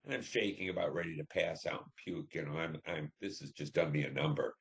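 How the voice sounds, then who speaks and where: A man in his seventies from Detroit, a veteran telling war memories in an oral history interview, halting and reflective with many fillers. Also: a bass voice, vocal fry. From Detroit, Michigan.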